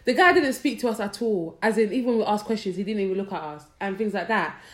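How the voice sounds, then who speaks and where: Fast-talking young woman. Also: medium pitch, reverberant. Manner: fast-talking, animated storyteller, London slang. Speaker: podcast co-host. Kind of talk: casual chat.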